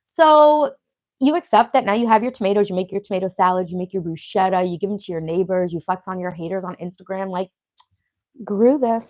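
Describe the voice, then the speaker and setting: A woman's voice: medium pitch, fast talker, a little mellow, no room sound. A woman in her late thirties with a Long Island accent, hosting a casual live stream, chatty and profane as she reads out viewer comments. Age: 30s. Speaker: livestream host.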